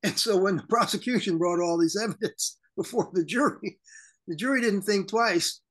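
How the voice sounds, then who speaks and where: A man co-hosting a political talk show, speaking in an animated, indignant way over a remote call link. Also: high voice, moderate pace. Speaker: co-host.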